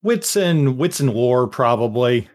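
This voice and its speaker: Male game master, unhurried, casual, fills pauses as he describes scenes. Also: mid-range voice, lively intonation. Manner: rambling, casual, many fillers. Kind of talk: narrating a tabletop game.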